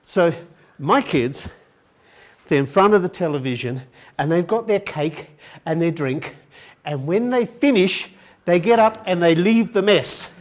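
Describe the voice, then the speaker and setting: A man giving an educational talk to an audience in a conference hall, telling family stories and acting out the dialogue. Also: fairly high pitch. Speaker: education presenter.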